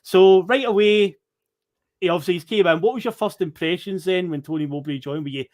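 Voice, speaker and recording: A Scottish man hosting a football podcast, calmly recapping events and prompting his co-host. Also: high-pitched. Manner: measured, recaps events for listeners. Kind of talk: casual football chat.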